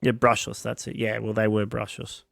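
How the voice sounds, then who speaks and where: A man's voice: lowish voice, monotone, moderate pace, gravelly, a bit bright, no room sound, studio quality. A young Australian man co-hosting a podcast, chatting casually and arguing his point insistently with a lot of laughing. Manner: argumentative, insistent, laughs often. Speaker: podcast co-host. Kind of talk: casual chat.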